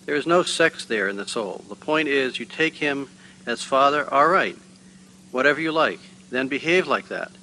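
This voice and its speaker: Bright-toned man reading spiritual texts. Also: mid-range voice, animated, a little hiss or hum, poor audio. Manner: measured, with hesitant asides. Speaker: reader at a spiritual gathering. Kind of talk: reading a spiritual text aloud.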